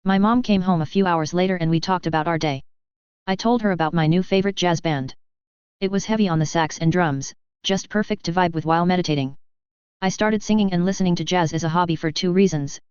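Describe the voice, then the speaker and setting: A woman narrating a first-person story in a steady, even reading voice. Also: fairly low pitch, a little fast, smooth, dry recording. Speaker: fan fiction reader. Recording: dry, slightly dull lo-fi recording.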